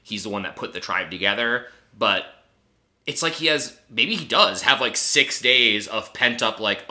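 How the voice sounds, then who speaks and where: A man co-hosting a podcast, recapping a reality show in casual chat, animated and sarcastic, swearing freely. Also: on the low side, moderate pace. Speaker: podcast co-host.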